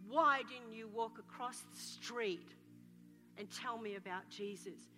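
A woman preacher voicing a hurt, abused person who slowly accuses a neighbour. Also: fairly high pitch, pitched below the performer's own voice. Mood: accusing. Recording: reverberant hall with soft music.

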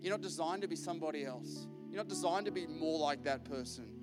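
A man preaching a lively, joking sermon full of anecdotes. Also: on the high side, fast, loud music behind the voice. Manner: chatty, joking, acts out quotes. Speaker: pastor. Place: large church hall. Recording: live church recording with long reverb.

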